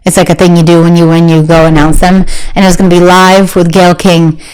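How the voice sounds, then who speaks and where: A woman in her thirties, a guest talking candidly in an interview, animated and quick to jump into high voices when she quotes people. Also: smooth, rough recording.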